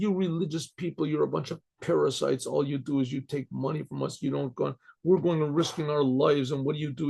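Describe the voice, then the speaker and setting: An older man, a rabbi, telling a story to his class in a rambling way, repeating himself and often clearing his throat. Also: a little high, a little mellow.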